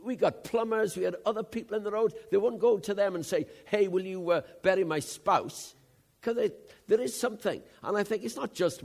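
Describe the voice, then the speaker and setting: A man, preaching a sermon in an animated, conversational storytelling way. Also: high-pitched, brisk, creaky. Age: 70s.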